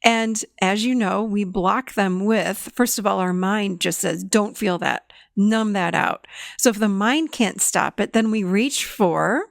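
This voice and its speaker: Animated woman with a gravelly voice. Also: mid-range voice, measured pace, hardly any pauses, no echo, clean studio sound. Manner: animated, laughs often, emphatic repetition. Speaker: podcast host and therapist. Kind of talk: conversational podcast talk.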